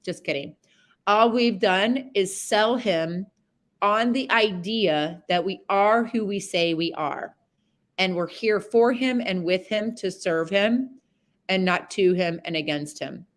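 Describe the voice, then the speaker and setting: A woman's voice: medium pitch, slow pace. A woman horsemanship coach talking a student through a live session over a video call, rambling, chatty and candid, with some mild swearing.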